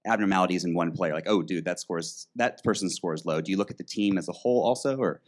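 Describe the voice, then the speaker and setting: Low-voiced man asking a halting question. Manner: halting, restarts, many "like" fillers. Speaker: audience member asking a question. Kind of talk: casual question.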